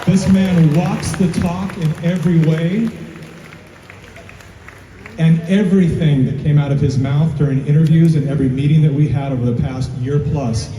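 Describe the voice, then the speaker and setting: A man's voice: fairly high pitch, steady tone, moderate pace, dark tone. A man speaking to a live audience at a film premiere, earnest and grateful, building to emphatic peaks. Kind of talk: heartfelt speech to a live audience. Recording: roomy hall, voice from far off, crowd and noise behind.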